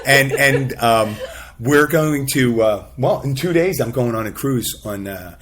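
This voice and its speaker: A man's voice: medium pitch, expressive, a little slow. A man hosting a casual podcast, talking in a rambling, self-deprecating way and laughing often. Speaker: podcast host.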